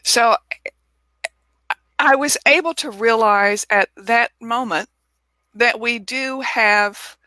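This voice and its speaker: A woman guest in a casual interview, telling a personal story in an animated way and acting out the people she quotes, over a video call. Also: a little high, slow, pauses often, no room sound. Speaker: author and guest.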